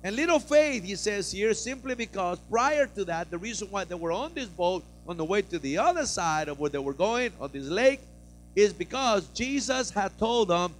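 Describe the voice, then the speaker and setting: A pastor preaching a sermon, moving from quiet explanation to loud, fervent preaching and acting out scenes. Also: male voice, high-pitched, lively intonation, normal speed. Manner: builds from soft teaching to loud preaching, acts out frightened disciples.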